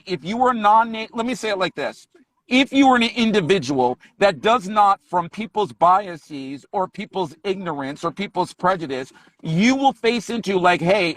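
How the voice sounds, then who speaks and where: A man's voice: sits high, a bit bright, dry recording. A man, an English teacher, talking on a live video call, emphatic and repeating his key points. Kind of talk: casual live-stream conversation.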